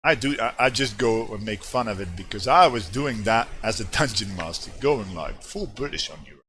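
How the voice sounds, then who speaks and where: A man's voice: fairly low pitch, moderate pace. A male streamer in casual gameplay commentary, rambling and joking as he reads game text aloud. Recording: steady background noise.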